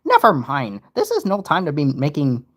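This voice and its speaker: At a moderate pace and a somewhat high pitch, the young streamer gives relaxed, wandering commentary. Animated in tone, he often cuts in on his own remarks.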